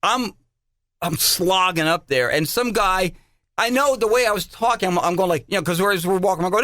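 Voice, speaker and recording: An older man co-hosting a podcast, telling anecdotes in a casual, animated way. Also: high voice, a little fast, no echo, studio quality. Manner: animated, acts out voices in anecdotes. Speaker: podcast co-host. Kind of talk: casual storytelling chat.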